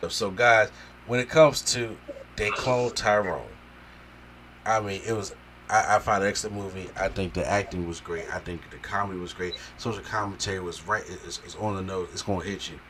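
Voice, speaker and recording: A man hosting a casual movie review podcast, talking excitedly and swearing as he acts out scenes. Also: deep voice, a little fast, slight background noise. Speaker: podcast host.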